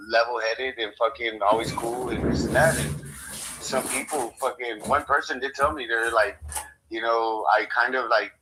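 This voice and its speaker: A man's voice: mid-range voice, fairly even intonation, normal speed, very noisy. A man co-hosting a podcast, telling a story in casual, rambling talk full of swearing. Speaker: podcast co-host. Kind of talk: casual conversation.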